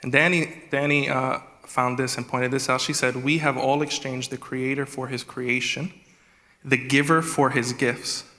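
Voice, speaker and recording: A man preaching a sermon as executive pastor, animated, acting out prayers in a raised voice. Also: medium pitch, moderate pace. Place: church hall. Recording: live church hall with reverb and music.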